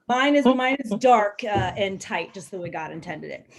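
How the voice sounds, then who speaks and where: A woman in her thirties doing a frank, bawdy stand-up set, telling stories with lots of ums and little laughs. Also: fairly high pitch. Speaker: stand-up comedian. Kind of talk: stand-up set on a live video call.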